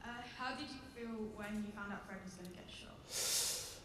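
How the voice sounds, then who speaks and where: A woman's voice: medium pitch, normal speed. A woman fan asking a question from the audience microphone, shy and hesitant. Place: audience mic in a convention hall. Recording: echoey hall with a loud crowd.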